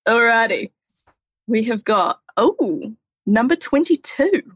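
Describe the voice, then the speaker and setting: A woman chatting as a podcast guest, her throat a bit rough and hoarse. Her pitch sits a touch high and moves expressively. She jokes in a wry, easygoing way. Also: animated, slow, background noise. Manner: wry, joking. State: slightly hoarse, sore throat. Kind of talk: casual podcast chat.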